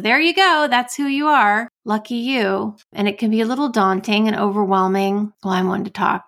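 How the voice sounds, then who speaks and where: A woman's voice: medium pitch, gravelly. An American woman hosting a solo podcast as an astrologer and coach, talking casually with playful asides and frequent self-interruptions.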